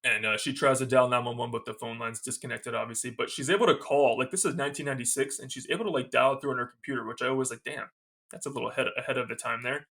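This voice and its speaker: A man's voice: medium pitch, steady tone, quick pace, bright, forceful tone. A man co-hosting a podcast, recapping a movie scene in casual chat, quoting its lines and laughing often. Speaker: podcast co-host.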